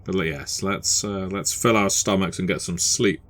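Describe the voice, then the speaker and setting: Deep-voiced man, wry tabletop player. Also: moderate pace, fairly bright tone. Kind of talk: tabletop game play.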